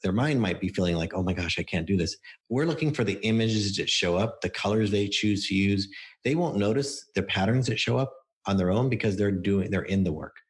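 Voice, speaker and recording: A man with a very low, deep voice speaks as a podcast guest. He explains his work through anecdotes and often acts out what his clients said. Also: expressive, a little fast. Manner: explains with stories and acted-out quotes. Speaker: book coach guest. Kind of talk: podcast interview.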